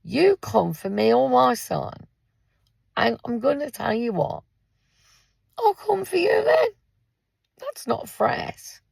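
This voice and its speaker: Gravelly, husky woman in her fifties. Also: on the high side, very animated, slow pace, pauses often, darkish tone, no room sound. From England. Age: 50s. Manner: blunt, swears freely, addresses listeners directly. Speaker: parent and carer. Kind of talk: angry vlog rant. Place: in a car in a car park.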